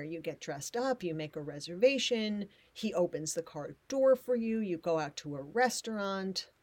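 A middle-aged woman from the United States hosting a podcast with her husband, upbeat and quick to laugh. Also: fairly low pitch, no room sound. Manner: animated, upbeat, laughs easily. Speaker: podcast host. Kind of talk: casual chat with a scripted intro.

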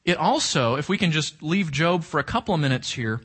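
A man's voice: on the high side, animated, a little fast, fairly bright tone, husky. A male pastor preaching a sermon with emphasis, reading scripture aloud and asking the congregation rhetorical questions.

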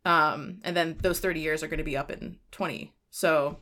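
A woman's voice: low voice, fairly even intonation, moderate pace, fairly bright tone. A woman hosting a podcast in casual chat, rambling with lots of "like", laughing and swearing freely. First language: Spanish. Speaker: podcast host.

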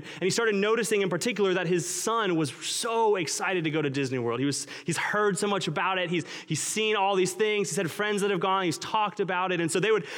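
A pastor delivering a Christmas-season sermon as earnest, conversational storytelling, recorded in a church. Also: male voice, high-pitched, fairly bright tone. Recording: long reverb of a large hall.

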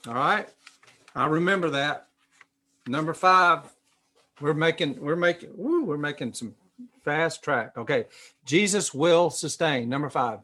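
Slow, emphatic male preacher. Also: a little high, sharp tone. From United States. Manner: emphatic, repeats phrases, fillers and restarts. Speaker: pastor. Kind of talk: sermon.

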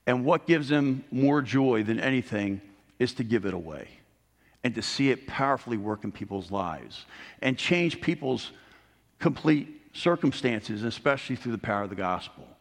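A man's voice: medium pitch, lively intonation, moderate pace. Middle-aged guy preaching a sermon, earnest, pushes up on the big points, long reverb like a big hall. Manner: earnest preaching, rising emphasis on key points. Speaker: pastor.

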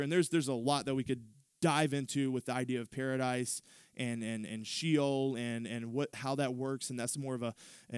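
A male pastor preaching a sermon, retelling scripture with animated storytelling and frequent restarts. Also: mid-range voice, clean tone, dry recording, studio quality.

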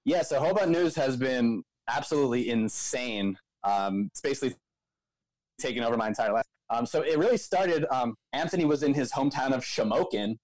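A man's voice: medium pitch, fairly quick, a little mellow, no room sound, low-quality recording. A young man from the Philadelphia area telling a long story in casual podcast chat, full of "like" and "um". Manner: rambling storyteller, lots of "like" and "um". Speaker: co-founder of a local news outlet, co-host.

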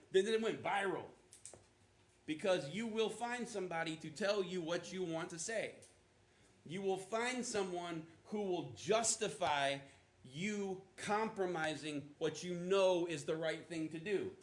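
A man's voice: sits high, measured pace, reverberant. A man preaching a sermon to a church congregation in a conversational way, with casual asides. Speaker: pastor. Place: church auditorium.

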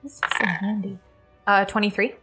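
A woman's voice: medium pitch, level tone, moderate pace, over music. A woman playing a tabletop game, blunt and joking. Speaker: player. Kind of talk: casual tabletop play.

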